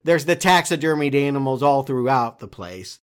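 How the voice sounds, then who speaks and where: A man in a casual film podcast chat talks at a middling pitch. He breaks down plot and gags in a measured, analytical way. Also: expressive. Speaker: podcast co-host.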